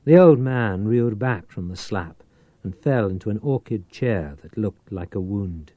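A man reading a novel aloud as an audiobook narrator, with a measured, theatrical delivery. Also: lowish voice, animated, warm tone, dry recording.

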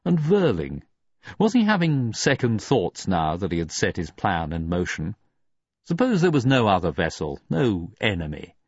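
A man narrating an audiobook in a dramatic, expressive reading. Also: lowish voice, slightly rough, no room sound, dull audio. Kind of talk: scripted narration.

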